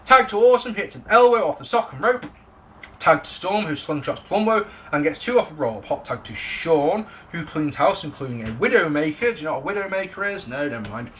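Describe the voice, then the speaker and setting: Young man, wrestling reviewer, lively, bright voice, sweary, jokey, camera mic. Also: a little high, fairly quick, slight background noise. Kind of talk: casual spoken review to camera.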